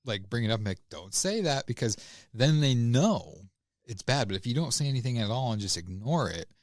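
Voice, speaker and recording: A man co-hosting a podcast, talking casually and haltingly with many restarts. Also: medium pitch, big pitch swings, dry recording, studio quality. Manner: hesitant, with many fillers and restarts. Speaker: podcast co-host. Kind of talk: casual chat.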